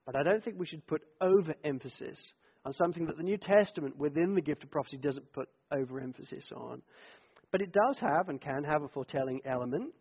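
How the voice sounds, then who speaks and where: A middle-aged pastor with a high-pitched voice preaches a sermon, slipping easily into lively personal stories. His voice rings out through a long hall echo. The recording sounds dull and lo-fi. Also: husky. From United Kingdom. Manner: conversational, animated storyteller.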